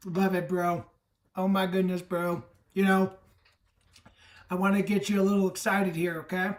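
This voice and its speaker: Brief: energetic male summit host, roomy echo, sounds set back from the mic. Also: high-pitched, moderate pace. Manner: enthusiastic, emphatic pep talk. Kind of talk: live video call talk. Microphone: video call. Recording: echoey room, distant from the mic.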